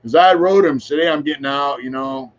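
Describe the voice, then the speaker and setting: A man's voice: on the high side, brisk, highs cut off. A man around sixty, a podcast guest, tells long casual stories in a frank, rambling way with plenty of filler phrases and the odd curse. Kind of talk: casual conversational storytelling.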